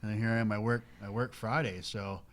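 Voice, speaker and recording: A man's voice: on the low side, fairly even intonation, a little fast. A man in his thirties, a local stock car driver, chatting casually and rambling with lots of fillers. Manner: plainspoken, rambling with many fillers. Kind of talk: casual radio talk.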